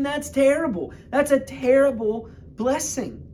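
A man preaching a sermon, retelling a Bible story in a casual, humorous way with quick bursts of speech. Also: high voice, expressive, darkish tone, a little hiss or hum.

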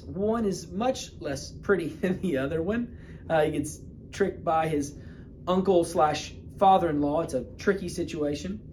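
A man's voice: sits high, darkish tone, a little hiss or hum. Casual, joking male preacher. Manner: casual and humorous, quick bursts of speech. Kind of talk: sermon retelling a Bible story.

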